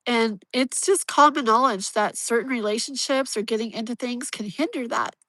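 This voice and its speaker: A woman's voice: fairly high pitch, moderate pace, bright, forceful tone, no room sound, rough recording. Woman, tarot reader, live stream, rambling chatty talk, stuffy blocked nose, dry sound. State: blocked nose, can't breathe through it.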